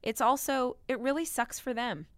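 Energetic woman hosting a solo podcast. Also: a little high, normal speed, no echo. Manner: energetic, emphatic, speaks straight to listeners. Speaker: podcast host and business owner. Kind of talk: solo motivational podcast talk.

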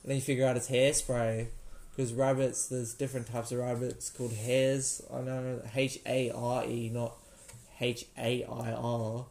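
A man's voice: medium pitch, level tone, a little slow, darkish tone. An Australian man hosting his own show, telling a story in a casual, rambling, jokey way with many restarts. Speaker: podcast host.

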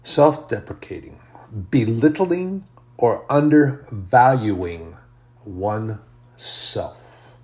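A man's voice: medium pitch, expressive, extremely slow, a little mellow. A man preaching a sermon in an earnest, emphatic way, rising and falling in volume.

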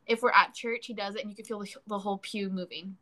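A woman's voice: mid-range voice, fairly even intonation, fast talker, pushed and bright. A woman in casual podcast chat, hesitant and full of fillers. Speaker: podcast co-guest.

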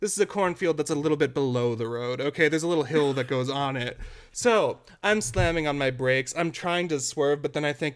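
A young man, a podcast co-host, telling a story in a casual, animated, dramatic way that keeps breaking into laughter. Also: on the high side, brisk, clear, resonant tone.

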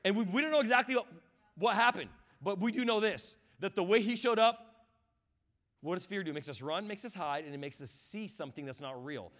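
Male guest pastor with a high voice, a fervent preaching style, and a conversational delivery. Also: a little fast. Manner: passionate preaching that builds to shouts; conversational, with repeated words and restarts. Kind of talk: sermon.

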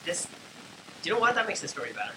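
A young man co-hosting a podcast in casual chat, teasing his friend with quick sweary jokes. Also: high-pitched, very animated, roomy sound, noisy background. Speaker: podcast co-host. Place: flat.

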